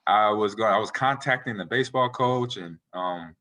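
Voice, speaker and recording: Deep, bright-toned man telling stories. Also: normal speed. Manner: animated, rambling storyteller who acts out quotes. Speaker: interview guest, retired football player. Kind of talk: casual interview storytelling.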